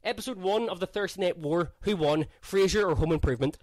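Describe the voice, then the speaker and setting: A man's voice: sits high, fast. A young Northern Irish man co-hosting a podcast in casual, teasing banter, laughing often. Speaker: podcast co-host.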